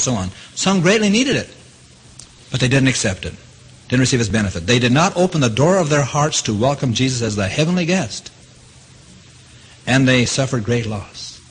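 A man preaching a sermon. He keeps asking his listeners questions and his voice leaps up in pitch to stress a point. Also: husky. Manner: animated, asks the audience questions, jumps high in pitch for emphasis. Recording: long hall reverb.

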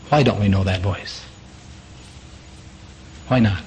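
A man's voice: fairly low pitch, a little slow, long pauses, a little hiss or hum, poor audio. A man preaching a sermon in an earnest, repetitive way, asking rhetorical questions.

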